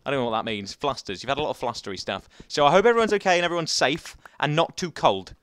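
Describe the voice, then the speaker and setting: A man's voice: medium pitch, animated, fast talker, a bit bright, no room sound. A young man giving chatty, rambling commentary while playing a survival game, talking to the viewers and to the animals. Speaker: gaming YouTuber.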